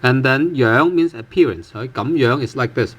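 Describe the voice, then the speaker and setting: A man gives a relaxed online language lesson. His voice sits at a middle pitch. He pauses on fillers and draws out his example words slowly and patiently. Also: slightly rough. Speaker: Cantonese language teacher.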